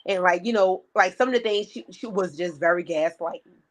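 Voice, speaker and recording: Her voice sits lowish and moves at a brisk clip as she, a podcast co-host, shares an anecdote in easygoing talk. With plenty of energy, she acts out what everyone in the story said.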